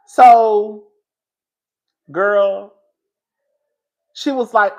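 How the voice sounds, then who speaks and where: A man's voice: sits high, slow, pauses often. Guy spilling tea on a reality show, dramatic and chatty, calls everybody girl. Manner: animated, dramatic storytelling with emphatic repetition; swears freely and addresses listeners as "girl". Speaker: reality TV commentator. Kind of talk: casual gossip commentary.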